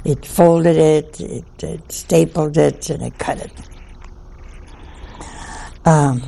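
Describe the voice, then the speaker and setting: An older nun speaks in a slow, unhurried storytelling voice. Her tone is gravelly and a bit husky, with a dark, mellow color. She delivers a homely, humorous anecdote in a folksy way. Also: sits low, fairly even intonation.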